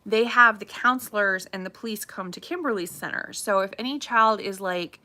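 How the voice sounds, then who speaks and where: A woman chatting casually on a livestream, gossipy and animated, repeating herself as she tells a local story. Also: mid-range voice, moderate pace. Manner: chatty, animated, says "craziness" often. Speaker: realtor livestream host.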